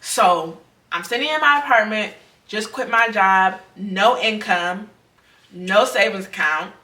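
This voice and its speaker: At a measured pace and medium pitch, a young woman's pushed, bright voice recounts her personal faith testimony. She's earnest and conversational, repeating herself often, and the distant mic gives a roomy sound.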